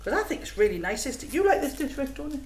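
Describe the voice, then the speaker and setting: A woman's voice: sits high, big pitch swings, quick pace. A woman hosting a casual home cooking vlog, chatty and self-mocking with frequent giggles. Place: home kitchen. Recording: echoey room, noisy background.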